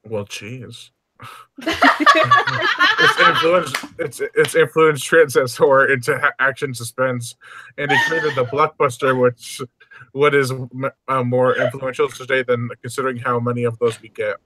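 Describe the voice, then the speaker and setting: A man's voice: mid-range voice, steady tone, bright, forceful tone, slight background noise. Male host, casual live-stream banter, frequent laughs, hesitant ums, mid-range voice. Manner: laughs often, halting with ums.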